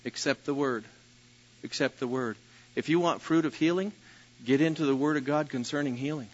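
A man preaching a sermon as pastor, telling personal stories with a self-deprecating manner and occasional loud bursts. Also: medium pitch, normal speed, lo-fi sound.

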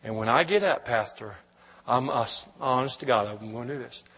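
A man's voice: mid-range voice, expressive, moderate pace, fairly bright tone, slightly rough. Emotional man preaching in a hall. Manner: emotional, storytelling, with frequent restarts. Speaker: guest preacher. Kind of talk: sermon testimony. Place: church. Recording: long hall reverb.

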